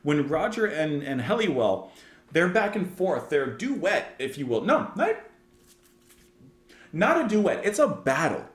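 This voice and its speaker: A man's voice: on the high side, big pitch swings, unhurried, echoey room. A man hosting a music reaction channel, reviewing a song in casual, enthusiastic speech that rambles with lots of "like" and restarts.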